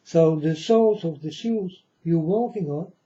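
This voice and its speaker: A man giving a preachy monologue to his viewers, halting often and grandly addressing them as folks. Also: on the high side, warm tone. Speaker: self-styled preacher vlogger. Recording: dull lo-fi recording.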